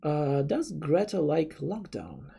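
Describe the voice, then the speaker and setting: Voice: mid-range voice, big pitch swings, slow pace, gravelly, mellow, husky. A young adult streamer, chatting casually with viewers in a rambling way, full of stammered restarts and offhand swearing. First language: Russian. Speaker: streamer reading chat. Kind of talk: casual live-stream chat.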